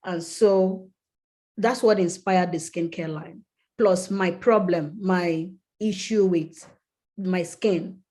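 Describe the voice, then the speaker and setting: On a podcast, a female guest, the founder of a skincare brand, recounts a heartfelt personal story in vivid detail. Her voice is warm, fairly low, and slow, rising whenever she acts out people she's quoting.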